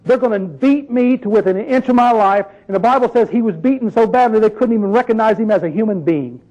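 A man's voice: high-pitched, fast talker, lo-fi sound. A man preaching a sermon in a conversational, emphatic way, full of rhetorical questions.

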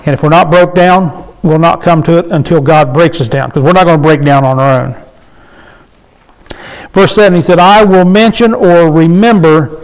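High-voiced man teaching scripture. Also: poor audio. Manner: reads scripture slowly, then explains plainly with rhetorical questions. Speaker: Bible teacher. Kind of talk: informal Bible study teaching.

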